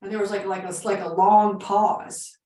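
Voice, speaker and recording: A woman's voice: medium pitch, little pitch movement, moderate pace, warm tone, far from the mic. Casual woman storyteller, lots of "you know" and "i was like", roomy sound. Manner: chatty, filler-heavy retelling with quoted dialogue. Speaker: real estate investing coach.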